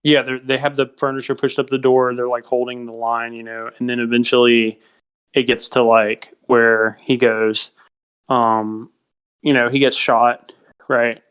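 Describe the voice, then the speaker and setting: A man's voice: mid-range voice, flat delivery, a little slow, fairly bright tone, clear, resonant tone. A young man co-hosting a casual film podcast, animatedly retelling scenes and acting out movie lines. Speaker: podcast co-host.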